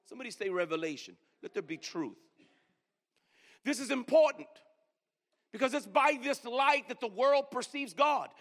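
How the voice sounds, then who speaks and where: A pastor preaches in a church sanctuary with an extremely high, expressive, slightly bright voice. He urges the congregation to answer back and draws out key words for emphasis, and the large hall gives the recording a long reverb.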